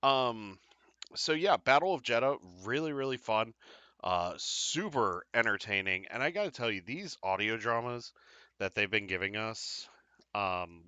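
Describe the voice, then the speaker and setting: A man hosting a casual live show, chatting in an upbeat, rambling way with lots of fillers and quick apologies. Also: lowish voice, bright, forceful tone, smooth, no echo, highs cut off. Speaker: podcast host. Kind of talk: casual live-stream chat.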